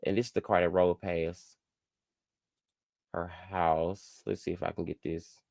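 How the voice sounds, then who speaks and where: A man hosting a casual live stream, chatting to viewers and getting animated as he reacts to gossip. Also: a little slow, gravelly, no echo, studio quality. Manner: animated, chatty, jumps high in pitch when outraged. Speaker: host.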